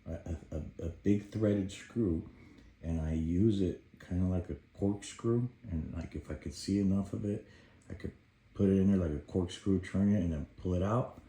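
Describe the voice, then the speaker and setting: A man telling a personal story about helping his baby daughter, animated as he acts out his past shouts, then quieter and reflective. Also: sits low, moderate pace, reverberant.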